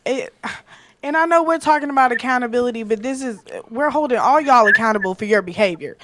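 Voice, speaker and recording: A woman's voice: fairly high pitch, fast talker, a bit bright, dry recording. A woman hosting a podcast interview, who affirms her guest often and thinks aloud as she asks questions. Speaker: podcast host.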